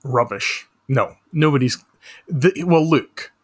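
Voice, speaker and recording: A man joins the podcast over a remote call as a guest, and his voice sits at an average pitch for a man. He delivers his jokes deadpan and mock-serious, and his delivery stays dry throughout. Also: slow pace, husky. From Scotland. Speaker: podcast guest, author and social researcher. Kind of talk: casual comedic chat.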